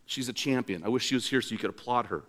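An older man preaching a sermon in a church, telling stories and acting out quotes with lively energy. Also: medium pitch, fast, a little hiss or hum. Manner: animated storytelling preacher, acts out quotes. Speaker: pastor.

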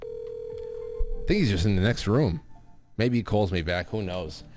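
A man's voice: lowish voice, animated, measured pace, a little mellow, soft background music. Rambling male call-in show host. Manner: rambling, chatty, with frequent restarts and fillers. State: grieving his stepfather. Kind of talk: casual call-in show talk.

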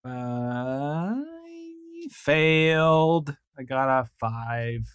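A man's voice: mid-range voice, fairly even intonation, extremely slow, fairly bright tone, clean tone, dry recording. A man playing a tabletop role-playing game, wry, dropping to a mutter for his asides. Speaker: player.

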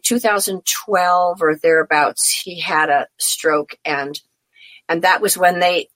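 A woman's voice: lowish voice, fairly bright tone, dry recording. A middle-aged woman, an interview guest, telling personal stories in a heartfelt, rambling way with frequent restarts. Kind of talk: casual interview storytelling.

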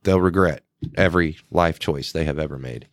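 Deep-voiced laid-back man. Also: moderate pace, dry recording, clean studio sound. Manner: laid-back storytelling, swears freely. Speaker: podcast co-host. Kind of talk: casual chat.

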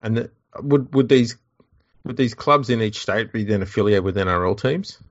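A man's voice: lowish voice, moderate pace, no room sound. A man with an Australian accent co-hosting a rugby league podcast, reading listener questions with dry sarcasm. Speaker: podcast co-host. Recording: dull lo-fi audio.

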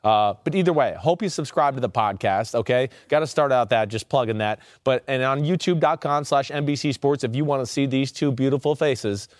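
A man in his thirties co-hosts a casual sports podcast and tells loose, easygoing stories. His pitch sits in the middle range. The sound is dry and close, with no room around the voice. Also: fairly quick, few pauses, no echo. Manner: relaxed storyteller, plugs his social media. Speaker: podcast co-host.

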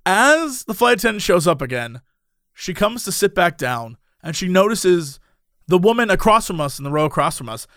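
A man's voice: high-pitched, moderate pace, no echo, clean studio sound. A man animatedly telling a funny anecdote, acting out the people in it. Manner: lively, acts out the people in his story. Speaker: storyteller on a podcast.

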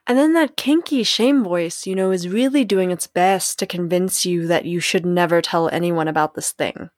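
A woman's voice: fairly low pitch, normal speed, a little mellow, dry recording, studio quality. A young adult woman hosting a solo podcast, talking in a reflective, candid way, laughing often and acting out the voices in her head. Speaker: podcast host.

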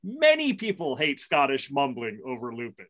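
A man's voice: mid-range voice, wildly swooping pitch, normal speed, a bit bright. A middle-aged man chatting casually as a podcast co-host, rambling through a story with plenty of restarts and self-deprecating asides. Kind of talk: casual chat.

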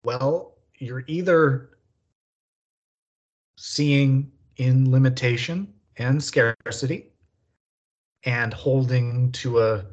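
Slow, measured-talking man. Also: medium pitch. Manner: slow, halting, measured phrasing. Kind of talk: reflective conversation. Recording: dull lo-fi sound.

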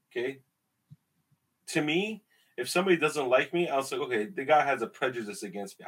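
Brief: Iranian-accented male guest, mid-pitch, breathy, emphatic storyteller. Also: fairly bright tone, low-quality recording. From Iran. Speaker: podcast guest. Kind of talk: casual conversation.

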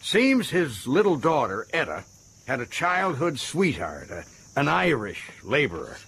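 An actor playing a boastful, folksy American prison governor in a radio drama, with an American accent. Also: male voice, medium pitch, huge pitch swings, a little slow, creaky, fairly bright tone, husky, heavily acted. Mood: chatty. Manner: boastful, folksy and self-satisfied.

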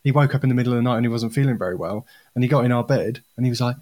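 A man co-hosting a podcast, telling animated stories with frequent laughter in casual chat. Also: mid-range voice, very fast. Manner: animated storyteller, laughs often. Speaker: podcast co-host.

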